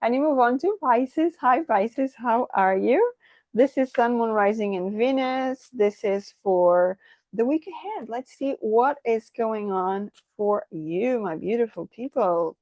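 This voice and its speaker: Excitable woman tarot reader, slightly high voice, gushing and stumbling, dry close sound. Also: takes it slowly, dry recording. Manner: effusive, keeps asking "right?"; excitable, trips over words. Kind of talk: channeled tarot reading.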